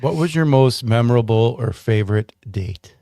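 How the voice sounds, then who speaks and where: A man's voice: mid-range voice, moderate pace, dry recording, clean studio sound. A man co-hosting a casual chat show, teasing and cracking jokes. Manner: jokey, animated, teasing. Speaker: podcast co-host.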